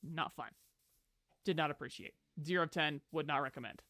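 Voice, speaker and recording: A live streamer chatting casually and playfully over gameplay, talking to viewers and a pet and breaking into loud exclamations. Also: medium pitch, brisk, no room sound, studio quality.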